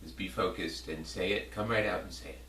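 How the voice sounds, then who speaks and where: A man rambling in a halting, self-interrupting way as he speaks straight to one person, thinking aloud. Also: sits low, a little hiss or hum. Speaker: video blogger. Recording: roomy, distant mic, loud guitar music. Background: loud guitar music.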